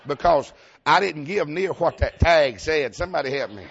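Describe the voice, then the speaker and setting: Folksy Southern preacher, lo-fi. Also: male voice, on the high side, expressive, moderate pace, gravelly, fairly bright tone, a faint crowd, slight background noise. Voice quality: folksy, emphatic, laughs often, calls for amens. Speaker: Baptist preacher. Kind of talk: storytelling sermon. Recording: dull lo-fi sound.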